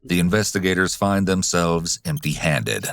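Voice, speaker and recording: A man's voice: low voice, expressive, moderate pace, creaky, fairly bright tone. A man reading scripted true-crime narration in a grave, dramatic manner from a close voice-over mic. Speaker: documentary narrator.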